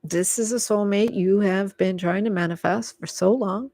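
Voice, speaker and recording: A woman giving a live tarot reading, talking in a rambling, filler-heavy way and gently coaxing the listener to calm down. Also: mid-range voice, normal speed, no room sound. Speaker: tarot reader.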